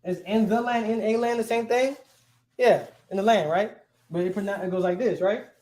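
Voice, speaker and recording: A male language teacher with a high-sitting, darkish voice speaks at a moderate pace. He runs the class informally, regularly checking in with students by saying "right?".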